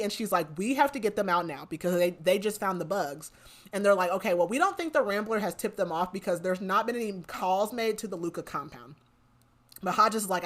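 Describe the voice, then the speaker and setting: Chatty woman recapping a story. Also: medium pitch. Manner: chatty retelling with quoted lines and laughs. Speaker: book podcast host. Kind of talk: casual plot recap.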